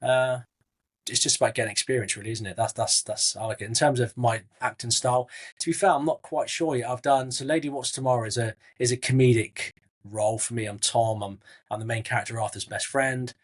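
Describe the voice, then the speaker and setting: A middle-aged man from Southwest England with a husky, slightly breathy voice. He talks casually as an interview guest, chatty and matey, often restarting his sentences. His pitch sits in an ordinary middle range. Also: steady tone, fairly quick. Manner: chatty, frequent restarts, calls people mate.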